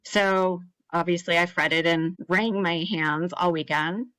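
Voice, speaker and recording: Woman in her thirties, a bit low-pitched, dry close sound; earnest storyteller who slips into quoted voices. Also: fairly even intonation, takes it slowly, a bit bright, dry recording, poor audio. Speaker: podcast guest, cancer survivor. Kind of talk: personal storytelling in an interview.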